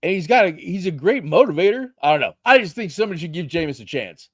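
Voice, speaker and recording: A man hosting a sports talk show, talking casually with friends. His pitch swings widely and he curses often. The sound is close and dry, with almost no room in it. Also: fast talker, no echo. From Seattle area. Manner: animated, swears freely, loose banter. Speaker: podcast host.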